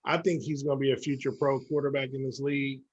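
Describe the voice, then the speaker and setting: Animated man repeating for emphasis. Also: medium pitch, fast talker, dull audio. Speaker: podcast co-host. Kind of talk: casual sports debate.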